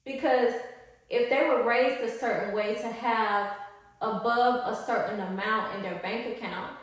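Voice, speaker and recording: Slangy, animated woman coach with a fairly high voice, heavy room echo. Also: moderate pace, recorded from a distance. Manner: animated, slangy, acts out high-pitched quotes. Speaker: spiritual life coach. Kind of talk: casual teaching to camera. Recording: very echoey room.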